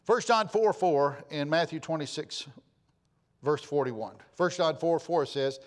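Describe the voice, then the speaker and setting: A man preaching a folksy sermon, telling anecdotes with lively swings in pitch and loudness. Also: measured pace. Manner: animated storytelling, jumping in pitch and volume. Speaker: pastor.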